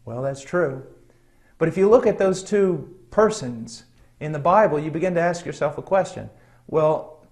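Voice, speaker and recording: A middle-aged man preaches in an earnest, conversational tone, dotting his sermon with ums and soft chuckles as he tells a story. His voice sits a little higher than most men's.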